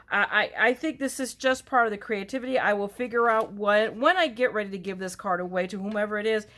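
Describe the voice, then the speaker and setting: A woman hosting a card-making tutorial in casual, rambling chat, loud and full of self-joking asides. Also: mid-range voice. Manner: loud talker.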